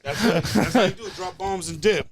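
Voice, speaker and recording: A man's voice: high voice, fairly quick. A man, a rapper guest on a podcast, talking in slangy casual chat with laughing asides.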